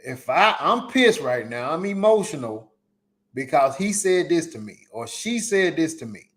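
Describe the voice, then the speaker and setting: A man's voice: on the high side, big pitch swings, measured pace, fairly bright tone. A man hosting a solo live podcast, giving emphatic, repetitive advice in casual slang. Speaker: podcast host. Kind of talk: solo live-stream commentary.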